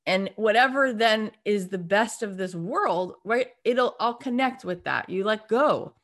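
A middle-aged woman telling a story in an animated, emphatic way in a casual conversation. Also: mid-range voice, unhurried. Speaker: podcast host and guest.

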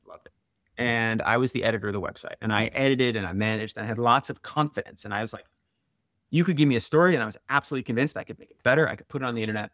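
A man's voice: mid-range voice, creaky, a bit bright, no room sound, clean studio sound. A man in his forties, a guest and author, telling stories candidly in conversation, with lots of "like" and "right?". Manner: candid, uses many "like" and "right?" fillers. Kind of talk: storytelling in conversation.

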